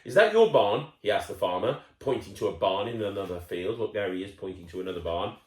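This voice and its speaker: A man's voice: low voice, steady tone, quick pace. Man reading a storybook in an echoey room. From United Kingdom. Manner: playful, chatty, asides to the child. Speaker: children's storyteller. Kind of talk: reading a picture book to a child.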